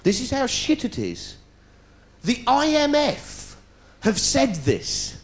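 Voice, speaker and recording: A man's voice: very high-pitched, wildly swooping pitch, slow pace. A middle-aged British man telling a sarcastic stand-up story, putting on voices as he goes. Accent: British English. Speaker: comedian. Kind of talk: stand-up comedy routine. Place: stage before a live audience.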